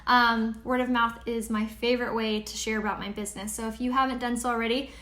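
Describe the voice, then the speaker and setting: Upbeat chatty woman, slightly high voice. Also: level tone, quick pace, a bit bright, echoey room. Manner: chatty, upbeat sales pitch. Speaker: makeup seller and tutorial host. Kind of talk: live-streamed makeup tutorial answering viewer comments.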